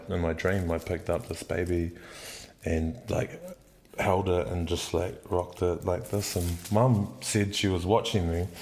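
Deep-voiced candid man in his forties. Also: a little mellow, a little hiss or hum. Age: 40s. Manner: candid, swears freely, rambling with many "like"s. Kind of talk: casual podcast conversation.

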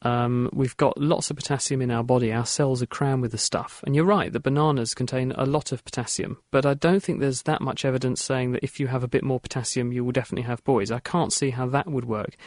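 A man presenting a radio science show, explaining things in a clear, chatty way. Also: mid-range voice, dry recording, studio quality.

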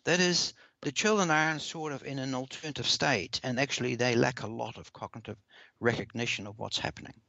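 A man answering interview questions in a measured, earnest way, often repeating words as he explains. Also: mid-range voice, steady tone, gravelly, bright, forceful tone, dry recording. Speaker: parenting expert guest. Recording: dull lo-fi dry recording.

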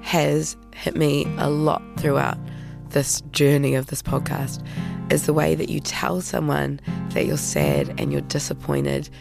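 Podcast host, gravelly and lilting, speaking over plucked guitar. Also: medium pitch, expressive, a little slow. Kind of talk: reflective podcast commentary.

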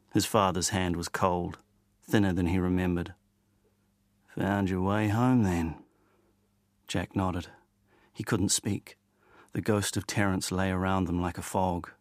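A man narrating a novel in a measured, steady way. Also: low voice, no room sound, clean studio sound. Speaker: audiobook narrator. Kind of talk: scripted narration.

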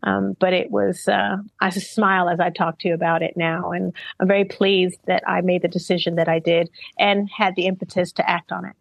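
A woman's voice: lowish voice, flat delivery, brisk, creaky, hardly any pauses, no echo, lo-fi sound. Middle-aged woman in an interview, earnest and thoughtful, close dry mic. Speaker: interviewed singer. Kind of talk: reflective interview talk.

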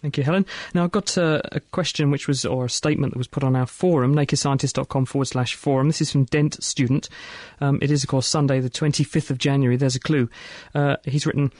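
A man hosting a science radio show from the studio, quick, chatty and jokey. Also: mid-range voice, fairly even intonation, a little mellow, no room sound.

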